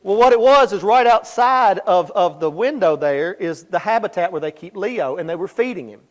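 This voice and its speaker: A man preaching a sermon in a church, telling stories with animated emphasis and sudden quiet asides. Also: high-pitched, moderate pace. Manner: animated storyteller, swinging between loud emphasis and quiet asides. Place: church sanctuary. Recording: echoey church hall.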